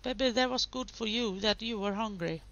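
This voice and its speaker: A woman's voice: fairly high pitch, moderate pace, a bit bright, muffled recording. A woman hosting a gaming video, giving casual commentary and chatting to the game characters.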